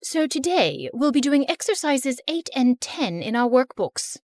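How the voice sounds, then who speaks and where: A woman voicing a prim, curt female schoolteacher in an animated story. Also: sits high, a little slow, dry recording. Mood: stern. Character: stern female schoolteacher, easily offended.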